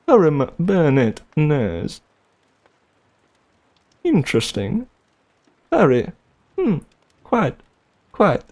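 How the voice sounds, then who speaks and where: A man putting on a British accent to play a stuffy, inquisitive gentleman who speaks in clipped, mock-posh words. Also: fairly high pitch, huge pitch swings, very slow, long pauses, voice pushed up, heavily acted.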